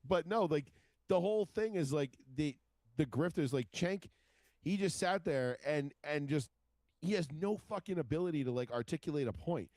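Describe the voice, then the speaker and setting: A man co-hosting a casual podcast chat, talking in an animated, profane, rambling way. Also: fairly high pitch, normal speed, no echo. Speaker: podcast co-host.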